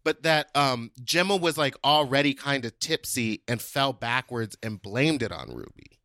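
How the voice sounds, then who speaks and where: A man co-hosting a podcast, recounting gossip with dramatic, drawn-out storytelling. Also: mid-range voice, very animated, bright, forceful tone, no echo, studio quality. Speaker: podcast co-host. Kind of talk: casual gossip chat.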